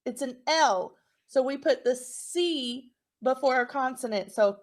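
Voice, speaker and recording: High-pitched and encouraging, a woman teacher records a phonics lesson for young learners, pronouncing words slowly sound by sound.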